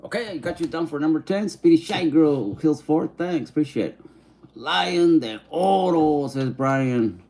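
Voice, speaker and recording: A man with a somewhat high, darkish voice chats casually on a livestream, reading out viewer comments. He's easygoing, mixes English and Spanish slang, and sounds out names slowly.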